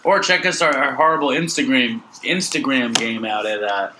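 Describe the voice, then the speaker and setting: A man co-hosting a casual comedy podcast, teasing his partner with animated mock outrage. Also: medium pitch, normal speed, noisy background. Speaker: podcast co-host.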